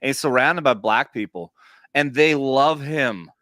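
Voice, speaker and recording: Male vet co-host, swears a lot, rambling stories, mid-pitch, dry close mic. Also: a little slow, no room sound. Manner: rambling, swears often, animated retelling. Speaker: podcast co-host, military veteran. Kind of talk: casual profane chat. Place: central Missouri.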